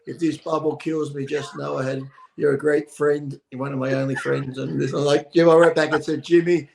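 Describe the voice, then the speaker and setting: A male guest with a gravelly, fry-laden voice pitched a little high for a man. He tells loose anecdotes, acts out what others said, and swears freely. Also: level tone, brisk, darkish tone, a little hiss or hum. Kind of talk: casual chat, storytelling.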